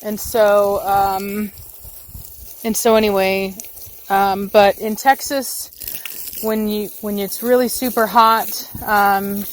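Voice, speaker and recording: A woman's voice: medium pitch, little pitch movement, slow, a little hiss or hum. A woman dog breeder chatting casually in her backyard while she waters the garden, rambling along with lots of fillers. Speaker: dog breeder and channel host.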